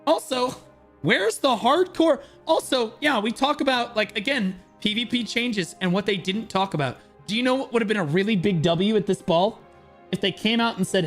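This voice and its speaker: High-voiced man ranting on a game stream. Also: moderate pace, fairly bright tone, soft background music. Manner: frustrated, profane ranting. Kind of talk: live stream game commentary.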